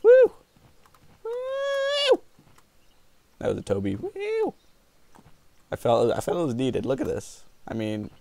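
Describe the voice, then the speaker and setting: A man giving jokey, rambling let's-play commentary on a video game, with sudden whoops and yells. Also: medium pitch, gravelly, no room sound. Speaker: gaming video host.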